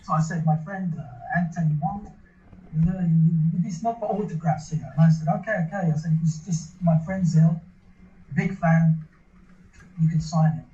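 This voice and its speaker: An interview guest casually tells a long story, rambling and restarting often with many repeated words. His voice is fairly high and warm, with fairly even intonation and a moderate pace. The recording is lo-fi in an echoey room.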